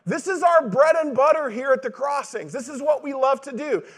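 Male pastor with a very high voice, preaching in a conversational style to the congregation. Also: expressive, moderate pace, fairly bright tone. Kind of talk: sermon.

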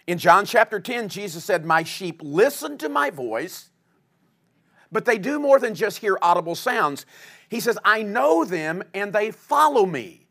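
Fairly high-voiced male pastor preaching. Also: big pitch swings, a little slow. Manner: dynamic delivery, swinging between loud emphasis and quiet, low asides. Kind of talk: sermon.

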